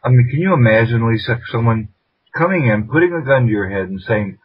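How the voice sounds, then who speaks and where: A man co-hosting a podcast, playful and theatrical, with his pitch swinging widely as he talks. His voice is husky, and he pauses on a few fillers. The sound is dull and lo-fi. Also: lively intonation. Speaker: podcast co-host. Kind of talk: casual podcast chat.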